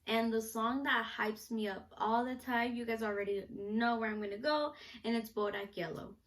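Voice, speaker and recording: A young woman talks casually straight to camera, bubbly and chatty, with a steady stream of "like" and "you know". Her voice sits a little higher than most women's. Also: moderate pace. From United States, Mexican parents. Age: young adult. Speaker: vlogger, student reporter.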